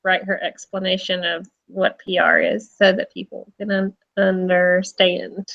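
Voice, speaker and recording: A woman's voice: fairly low pitch, little pitch movement, measured pace, creaky, lo-fi sound. A woman hosting a casual live interview show, chatty, with lots of fillers and frequent laughter. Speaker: host.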